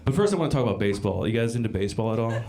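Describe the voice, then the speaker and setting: Rapid-fire and lively in intonation, a medium-pitched comic works a club stage with a crude, rambling set full of restarts and swearing. The noisy live recording picks up the crowd laughing.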